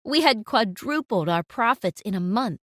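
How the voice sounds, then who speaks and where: A woman narrating a first-person story in an expressive storytime style. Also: medium pitch, moderate pace, no room sound, studio quality.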